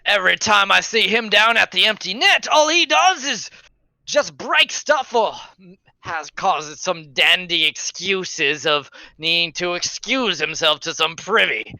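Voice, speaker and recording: A man doing a slurred, high-pitched drunk guard. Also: animated, a little slow, gravelly, pushed and bright, no room sound, exaggerated voice. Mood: scornful. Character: drunk belligerent middle-aged male guard.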